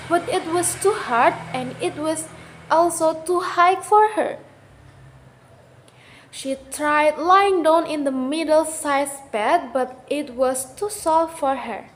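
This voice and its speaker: Slow, high-voiced Indonesian woman. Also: slight background noise, poor audio. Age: young adult. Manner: careful reading with small slips. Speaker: student. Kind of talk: storybook reading for class.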